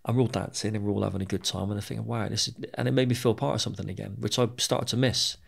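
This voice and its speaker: A middle-aged man recounts his own past as a podcast guest in a frank, unpolished way. His voice has a gravelly edge, and he swears freely and often doubles back on his words mid-sentence. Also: on the low side, fairly even intonation, very fast. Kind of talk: candid storytelling interview.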